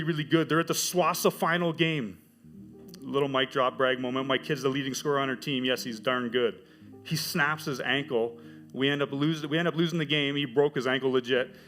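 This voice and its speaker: A middle-aged man telling his church testimony as a teacher, with animated storytelling. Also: fairly high pitch. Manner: animated storytelling, acts out quoted voices. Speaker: high school teacher giving a testimony.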